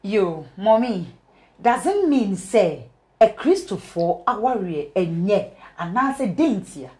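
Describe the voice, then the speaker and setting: A woman's voice: mid-range voice, sing-song, slow pace, warm tone. A woman from Ghana hosting a casual talk show, dropping in short agreeing murmurs and laughing easily. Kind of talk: casual studio chat.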